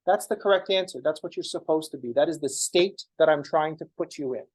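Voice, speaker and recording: A young man lectures a college math class with a slightly higher-than-average voice. He talks bluntly and casually, with frequent swearing and joking asides to the students. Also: fast, few pauses, poor audio. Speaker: math teacher. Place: classroom, also streamed online.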